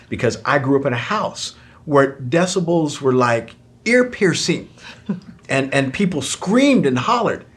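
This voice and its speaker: A middle-aged man, a pastor, talking in an animated way in a conversational Q&A about marriage and joking about his own loudness. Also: medium pitch, measured pace.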